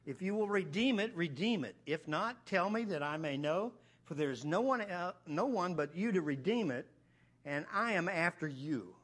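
A man preaching an expository Bible teaching, animated and often repeating words as he builds emphasis. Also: high-pitched, moderate pace.

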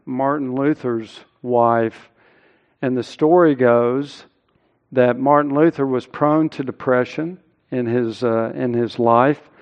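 A middle-aged male pastor preaching a sermon, earnest, rising loud and high when he quotes scripture.

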